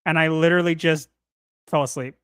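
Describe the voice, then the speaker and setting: A man co-hosting a podcast in casual chat, animated and playful, sometimes ranting. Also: a little high, a little fast, clean tone, no room sound, clean studio sound. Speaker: podcast co-host.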